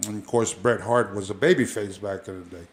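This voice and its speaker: A man's voice: lowish voice, fairly even intonation, a little fast. A man, a former pro wrestler, telling stories as a guest in a casual interview, rambling with many fillers and restarts.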